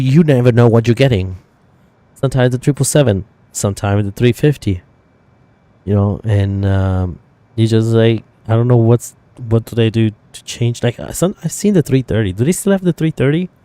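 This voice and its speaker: A man's voice: fairly low pitch, warm tone, dry recording. A man streaming a flight simulator, thinking aloud in casual chat with viewers and rambling with fillers and self-corrections.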